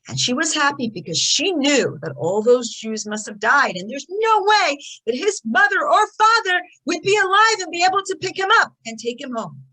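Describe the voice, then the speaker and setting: A woman teaching a lesson through stories, animated, swinging between loud and soft for emphasis. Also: sits high, low-quality recording. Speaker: rebbetzin teaching. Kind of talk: storytelling lesson.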